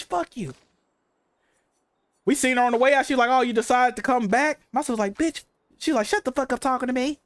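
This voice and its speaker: This is a man with a high voice for a man, talking on a casual game livestream. He tells animated stories, swearing freely and peppering them with slang. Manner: profane, animated storytelling, heavy slang. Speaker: game streamer.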